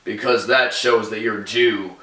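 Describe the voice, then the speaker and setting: A man's voice: lowish voice, fairly even intonation, moderate pace, a bit bright, close to an everyday voice. A man doing God as a slangy deity. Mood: solemn. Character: God, a deep, laid-back slangy male deity. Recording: roomy, from far off the mic.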